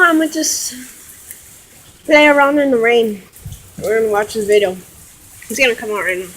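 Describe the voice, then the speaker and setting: A woman's voice: fairly high pitch, a bit bright, a little hiss or hum, poor audio. A woman vlogging casually at home in her kitchen, rambling, swearing and giggling as she talks.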